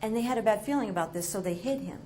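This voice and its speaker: Animated New woman telling a story. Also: medium pitch, rapid-fire, a little hiss or hum. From New York. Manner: animated, self-mocking, expressive. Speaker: motivational speaker. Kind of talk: storytelling speech to an audience.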